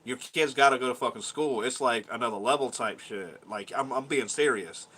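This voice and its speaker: A man's voice: mid-range voice, moderate pace, bright, forceful tone, slightly rough. A man in his thirties telling a rambling, profane story from his childhood in a casual vlog, laughing now and then. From Georgia, US. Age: 30s. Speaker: vlogger.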